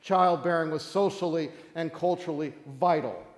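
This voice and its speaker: A man's voice: a little high, normal speed. A man preaching a sermon as pastor, reading scripture and talking casually with frequent "okay?" check-ins. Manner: casual, joking asides with many okays. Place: church sanctuary. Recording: echoey hall.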